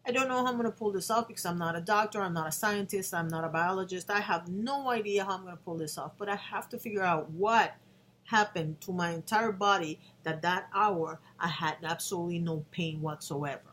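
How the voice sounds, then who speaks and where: A woman in her fifties speaks to her camera in a personal vlog, her voice sitting a little low. She talks earnestly, restarting her sentences often. Faint room noise hums behind her. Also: a little fast, a bit bright. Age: 50s. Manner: earnest, with restarts, emotional at times. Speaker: vlogger.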